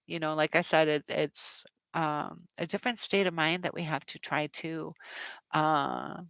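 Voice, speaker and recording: A middle-aged woman hosts a live chat stream and answers viewers in a loose, rambling way, full of fillers and encouragement. Her voice has a gravelly fry and a bright, forceful edge. The sound is dry and close, with no room around it. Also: sits low, no room sound. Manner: rambling, many fillers, supportive.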